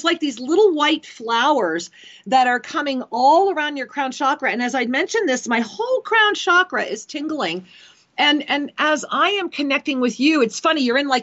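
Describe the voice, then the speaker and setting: A woman hosting a call-in show, giving soul readings in a soft, breathy, emotional way that slows down as she channels. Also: sits high. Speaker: spiritual radio host giving soul readings. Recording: dull lo-fi broadcast audio.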